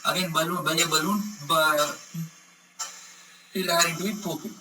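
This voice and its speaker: Male teacher, slightly high voice, distant mic with music underneath, keeps asking "correct?". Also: fairly even intonation, moderate pace. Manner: repeats "correct?" to check understanding. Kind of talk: explanatory lecture.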